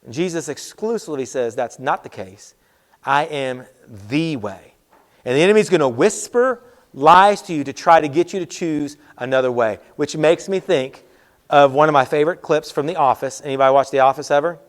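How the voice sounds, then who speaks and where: A man giving a youth sermon in a casual, talky way, repeating key phrases. His voice sits high for a man, and he slips into quoted voices as he goes. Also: fairly quick. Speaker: youth pastor.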